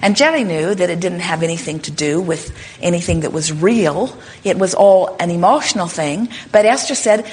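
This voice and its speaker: A woman's voice: medium pitch, moderate pace. Emphatic woman teaching a workshop audience. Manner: emphatic and explanatory, often saying "in other words" and "you see"; acts out short quoted lines in a lifted voice. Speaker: spiritual teacher answering audience questions. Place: live workshop in front of an audience.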